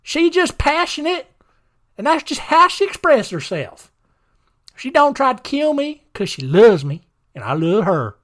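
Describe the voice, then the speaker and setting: A man voicing a dim-witted, lovestruck husband with a Southern US accent and a high, strained drawl. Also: big pitch swings, measured pace, a bit bright, heavily acted. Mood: doting.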